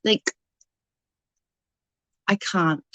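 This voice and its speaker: A woman's voice: extremely slow, bright, forceful tone, no room sound. A woman ranting in outrage on a live stream, answering chat as she goes.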